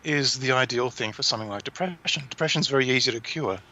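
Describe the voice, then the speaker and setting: A man co-hosting a casual conversation, explaining ideas thoughtfully with pauses. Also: medium pitch, pushed and bright. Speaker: podcast co-host. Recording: dull lo-fi sound with faint noise.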